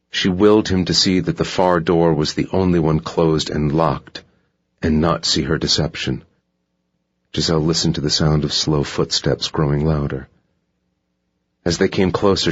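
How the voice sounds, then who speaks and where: A man narrating a thriller audiobook in a steady, measured reading. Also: very deep voice, slightly rough. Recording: dull lo-fi audiobook recording.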